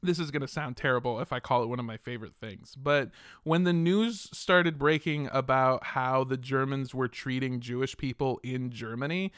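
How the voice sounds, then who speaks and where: A young man hosting a casual podcast, telling a history story in an animated way and swearing often. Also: medium pitch, moderate pace, hardly any pauses, smooth, dry recording, studio quality.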